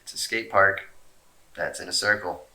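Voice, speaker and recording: A man's voice: sits low, steady tone, moderate pace, gravelly, bright, forceful tone. A man casually reading out fan questions and answering them in a rambling, laid-back way, swearing often and joking at his own expense. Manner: self-mocking jokes.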